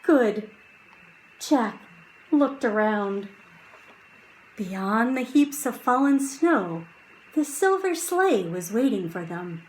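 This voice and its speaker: A woman reading a children's chapter book aloud, slow and hushed at quiet moments and lifting her voice for drama. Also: on the high side, expressive, slight background noise, rough recording. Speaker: audiobook reader.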